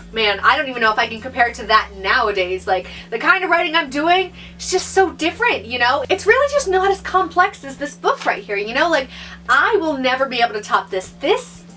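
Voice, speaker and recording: A woman's voice: sits high, lively intonation, a little fast, sharp tone, far from the mic, soft background music, rough recording. A young woman vlogging casually, sarcastic and rambling, recorded on a phone camera. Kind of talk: casual vlog reading.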